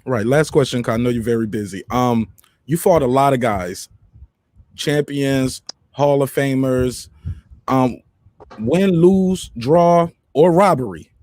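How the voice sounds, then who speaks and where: A man's voice: medium pitch, takes it slowly, darkish tone, no room sound, clean studio sound. A man co-hosting an interview, asking questions in a playful, hyping, pushy way. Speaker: co-host interviewer. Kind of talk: casual interview chat.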